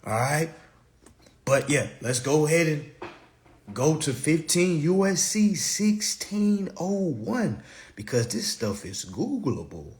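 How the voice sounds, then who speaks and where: A man lectures his viewers in a high, restless voice that leaps all over the place. He mocks and preaches by turns, hitting single words with loud jabs. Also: very animated, takes it slowly. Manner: preachy, mocking, emphatic with sudden loud jabs. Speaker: consumer-credit commentator. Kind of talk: animated monologue to viewers.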